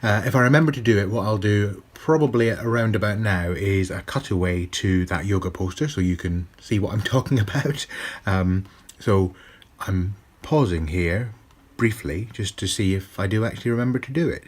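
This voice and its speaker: A man with a deep, slightly husky voice talks through a tarot deck in a relaxed, conversational way. He tosses in dry jokes at his own expense as he goes. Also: moderate pace. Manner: chatty, wry, self-mocking asides. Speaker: tarot reviewer. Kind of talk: casual deck review.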